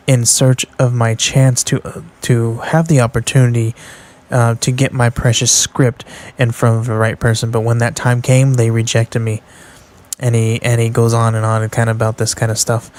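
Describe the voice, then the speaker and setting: A man hosting a podcast, recapping comic book panels in a casual, rambling way with many fillers and restarts, reading lines out loud. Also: medium pitch. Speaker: podcast host reviewing comic books.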